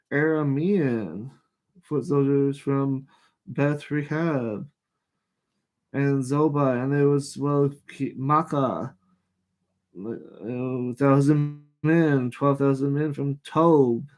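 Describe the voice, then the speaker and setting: Halting man reading and commenting. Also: medium pitch, steady tone, darkish tone. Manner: reads passages aloud haltingly, stops to comment; frank and irritated asides. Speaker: host of a live show. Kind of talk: casual Bible reading and commentary.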